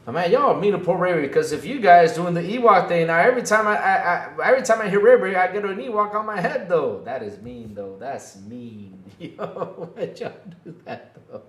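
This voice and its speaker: A man's voice: high voice, lively intonation, moderate pace, few pauses, a bit bright, roomy sound. A man hosting a casual livestream, joking with the chat and playing up mock hurt, laughing often. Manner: playful, self-mocking, laughs often, mock-whiny. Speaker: livestream podcast host. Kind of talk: casual live-chat banter.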